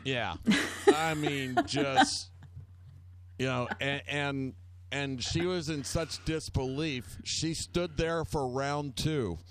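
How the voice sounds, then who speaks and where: A man's voice: on the high side, animated, slow pace, creaky, fairly bright tone. A man telling rambling, self-mocking anecdotes in casual chat, acting out the people he quotes.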